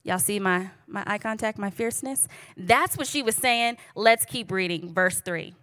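A woman's voice: medium pitch, normal speed, no echo. A woman preaching in a casual, storytelling way, joking and talking straight to her listeners. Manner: lively, joking, addresses the audience directly.

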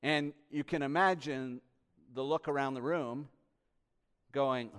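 A male pastor delivering an impassioned sermon, swinging between loud emphasis and hushed asides and posing rhetorical questions to the congregation. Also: medium pitch, slow, smooth.

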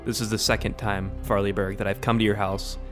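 A man's voice: on the low side, flat delivery, brisk, music in the background. A man doing an improvised comedy scene, mock-serious and playful.

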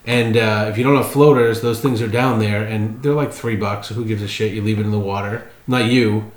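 A man's voice: on the low side, steady tone, a little fast. A man in casual chat as a podcast co-host, blunt and profane, asking probing questions. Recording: roomy echo.

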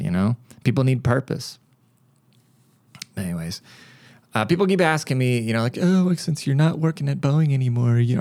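A man's voice: mid-range voice, no echo, studio quality. Blunt, profane male podcast host. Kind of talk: casual ranting monologue.

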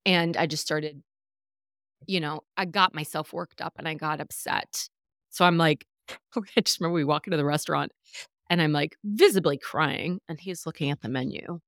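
Candid low-voiced woman telling a story. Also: fairly even intonation, moderate pace, a bit bright, dry recording, clean studio sound. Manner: candid, emotional storytelling with many fillers. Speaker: podcast host. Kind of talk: casual chat.

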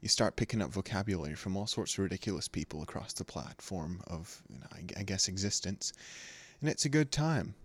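A man's voice: low voice, lively intonation, a little fast, breathy edge. A young man from California chatting casually as a podcast co-host, rambling and jokey, often laughing.

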